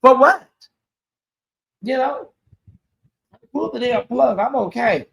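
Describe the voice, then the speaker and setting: High bright-voiced sassy man. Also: slow, creaky. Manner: sassy, chatty, calls listeners honey and y'all. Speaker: channel host. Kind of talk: casual livestream chat.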